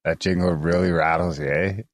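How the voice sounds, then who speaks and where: Man, very low voice, co-host trading jokes, dry close sound. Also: fairly even intonation, fairly quick, no room sound. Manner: teasing, joking banter. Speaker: podcast co-host. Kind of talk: casual chat.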